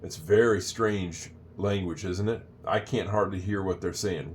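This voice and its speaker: Older male teacher, low voice, chatty and rambling, drills phrases slowly. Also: slight background noise. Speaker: English teacher. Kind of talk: casual spoken lesson.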